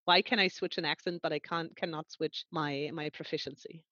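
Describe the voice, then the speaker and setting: A woman's voice: low voice, fairly even intonation, brisk, bright, forceful tone, no room sound, dull audio. A woman from Germany who is a language teacher, talking candidly and laughing easily in a conversation. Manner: candid, laughing, self-reflective. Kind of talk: conversational interview.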